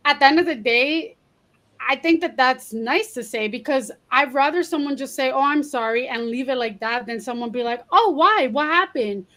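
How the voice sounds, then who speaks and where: A woman with a slightly high voice co-hosts a casual podcast chat. She speaks frankly and at length, now and then slipping in a Spanish word. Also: fairly bright tone. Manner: frank, chatty, drops in Spanish words. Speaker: podcast co-host.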